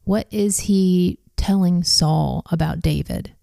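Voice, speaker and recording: Low, mellow woman leading Bible study. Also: gravelly, dry recording, clean studio sound. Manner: calm, questioning, measured. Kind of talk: scripture reading with discussion questions.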